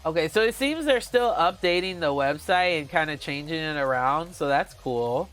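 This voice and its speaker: A man's voice: fairly high pitch, expressive, moderate pace, a bit bright, faint music behind. A man chatting casually to viewers on a live stream, gushing and giggly, often calling out to them as guys. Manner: giggly, with playful exclamations. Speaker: book vlogger.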